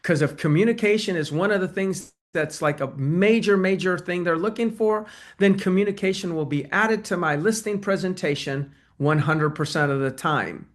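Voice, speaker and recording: A man teaching agents how to win listings, lively, and he acts out both sides of a talk with a client. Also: high-pitched, normal speed. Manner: energetic, acts out client dialogue. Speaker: real estate trainer. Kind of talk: sales training talk.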